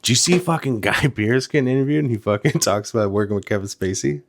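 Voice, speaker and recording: A man's voice: medium pitch, fast, a little hiss or hum. A man co-hosting a podcast in a casual chat, joking and swearing. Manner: laughs often, swearing, joking. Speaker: podcast co-host.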